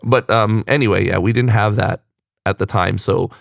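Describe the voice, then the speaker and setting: Lively podcast guy, gravelly, dry close mic, laughs a lot and jumps way up for emphasis. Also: moderate pace, no echo. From United States. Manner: animated, laughs often, jumps into high voice for emphasis. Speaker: podcast host. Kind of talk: casual chat. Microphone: studio mic.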